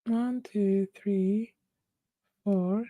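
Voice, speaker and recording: A woman's voice: medium pitch, steady tone, drawn-out words, mellow, dry recording. A woman hosting a casual art livestream, chatting, laughing often and thinking aloud. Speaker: art channel host.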